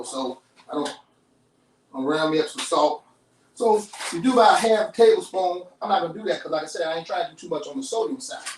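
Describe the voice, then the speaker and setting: Cooking host, male, chatty and down-home, fairly high voice, distant roomy sound. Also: a little hiss or hum. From Chicago. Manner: chatty, folksy, talks straight to viewers. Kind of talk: live cooking demonstration. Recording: roomy kitchen, off-mic.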